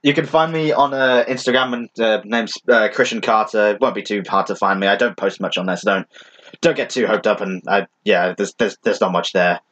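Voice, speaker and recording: A young man guesting on a podcast, telling stories haltingly with many fillers and casual swearing. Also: lowish voice, fairly bright tone, dull audio.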